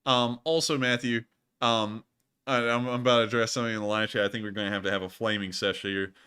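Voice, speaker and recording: A young man hosting a casual livestream news show, jokey and high-pitched, talking in a playful, teasing way with quick asides. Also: fairly even intonation, bright, forceful tone, clear, resonant tone.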